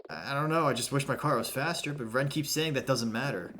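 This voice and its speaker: Brief: man doing an earnest, bright-toned young lawyer, inquisitive, plain delivery. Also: mid-range voice, a little fast, a little hiss or hum, lightly acted. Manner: earnest, questioning, slightly hesitant. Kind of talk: reading game dialogue aloud.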